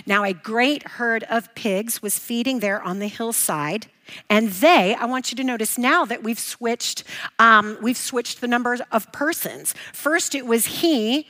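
A woman's voice: on the high side, a little slow, bright, forceful tone. A woman teaching a bible lesson, emphatic, posing questions and answering them herself. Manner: emphatic, repeats key points, asks and answers own questions.

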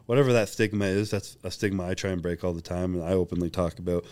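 A man's voice: deep voice, darkish tone, no echo. A young man speaking as a podcast guest, candid and profane, acting out the lines of people in his stories. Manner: fast, open and profane, acting out quoted dialogue. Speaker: guest, bodybuilding champion.

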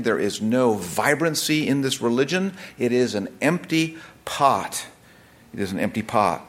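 A man delivers a scripture teaching sermon at a mid-range pitch. His delivery is relaxed and conversational, with frequent restarts and side remarks as he explains the text. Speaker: preacher.

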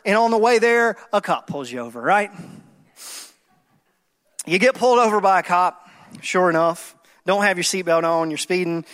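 A man's voice: high-pitched, a bit bright, long reverb tail. A man preaching a sermon conversationally, checking in with listeners and acting out everyday scenes with rising intensity.

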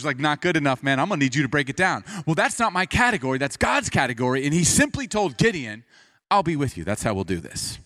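A male pastor delivers a sermon in a loose, joking, conversational way, turning scripture into a lively story. His voice sits slightly high and moves through a very wide, animated range of pitch.

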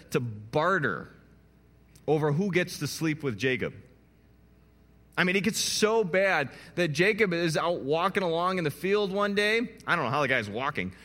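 A man preaching a sermon as a pastor, telling the story in an animated way with playful asides to his listeners. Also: a little high. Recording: long hall reverb.

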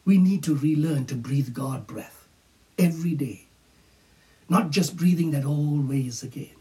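Male pastor, sermon delivery, unhurried with hushed emphasis, somewhat distant mic. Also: on the high side. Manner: slow, emphatic preaching with whispered phrases.

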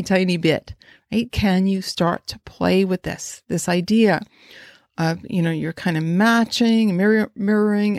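A woman's voice: mid-range voice, a little mellow, dry recording. Chatty woman horse trainer, dry sound. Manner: rambling, restarts often, asks listeners many questions. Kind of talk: instructional talk.

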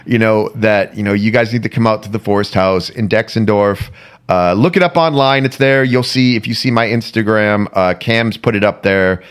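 A man's voice: fairly low pitch, normal speed, smooth. A man co-hosting a podcast in loose casual chat, rambling and repeating himself. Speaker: podcast co-host.

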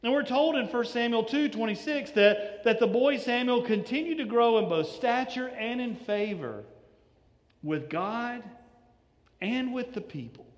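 Brief: male pastor, high voice, conversational sermon with restarts, long reverb of a church sanctuary. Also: animated, unhurried. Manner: conversational, repeats words on restarts.

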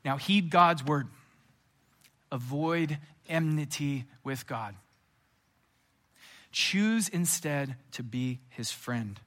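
A man preaching with a bright, forceful tone and a slightly high voice. He works through a sermon like a storyteller, with casual asides and scenes that he acts out with energy. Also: expressive, measured pace. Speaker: pastor.

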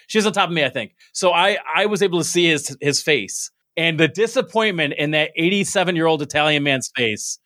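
A man's voice: a little high, pushed and bright, no echo, clean studio sound. A young man from upstate New York, joking and bantering in a casual chat. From southern tier of New York. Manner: joking, quick banter, swears.

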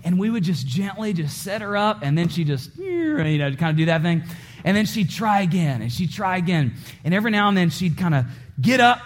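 High-voiced animated male preacher. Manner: animated preaching, acts out voices and story scenes; talks directly to the congregation. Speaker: pastor. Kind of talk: sermon.

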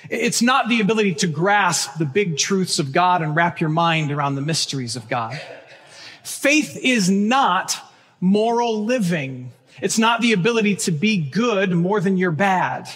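A man preaching a sermon as pastor, earnest and emphatic, slowing down to stress key phrases. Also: high voice, a bit bright, breathy edge. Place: church sanctuary. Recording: long church reverb.

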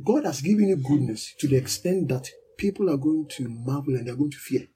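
A man's voice: medium pitch, expressive, a little fast, mellow, a little hiss or hum. A man preaching a sermon to a congregation, emphatic and repetitive, leading a prayer line by line. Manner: emphatic, repeats key words, leads a prayer line by line. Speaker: pastor.

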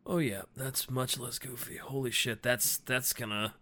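A man co-hosting a casual podcast, reacting excitably with exclamations and laughs. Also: medium pitch, measured pace, a little hiss or hum. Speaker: podcast co-host.

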